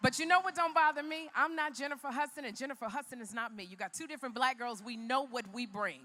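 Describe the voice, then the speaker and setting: Speaking fast with a sharp, high voice, a keynote speaker from Chicago addresses a large arena, and the big-room sound carries her motivational speech. She recounts her own story in a forceful, preacher-like style.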